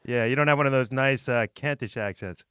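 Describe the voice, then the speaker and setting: A man's voice: mid-range voice, fairly quick, pushed and bright, clean tone, dry recording. A man co-hosting a casual comedy radio show, sarcastic and joking.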